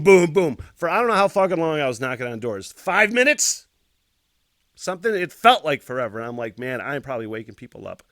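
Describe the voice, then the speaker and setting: Animated, swearing male podcast host. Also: medium pitch, gravelly, dry recording, clean studio sound. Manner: profane, expressive retelling with loud sound effects. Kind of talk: storytelling.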